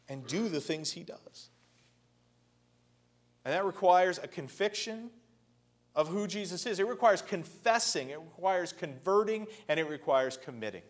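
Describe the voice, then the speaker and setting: A man preaching a sermon earnestly, swinging between loud emphatic lines and hushed, quiet passages. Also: on the high side. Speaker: pastor.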